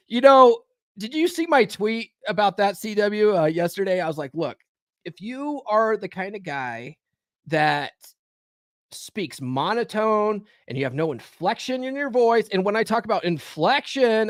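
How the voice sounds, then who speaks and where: A man's voice: sits high, animated, normal speed, no room sound, studio quality. A man hosting a live stream podcast, talking animatedly with frequent swearing and "okay?" tags. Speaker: podcast host. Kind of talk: live stream commentary and book reading.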